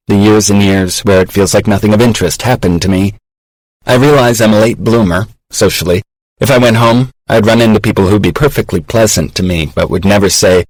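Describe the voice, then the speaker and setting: A man narrating an audiobook in a measured, reflective way, recorded on a close studio mic. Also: fairly low pitch, darkish tone, no room sound, low-quality recording. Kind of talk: scripted narration.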